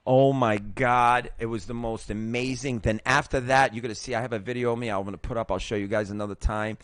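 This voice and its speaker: A man's voice: lowish voice, fast talker, no room sound. A middle-aged man hosting his own show, telling a personal recovery story in a casual, emotional and profane way, acting out the other voices. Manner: emotional, profane, animated retelling with acted-out voices. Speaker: host.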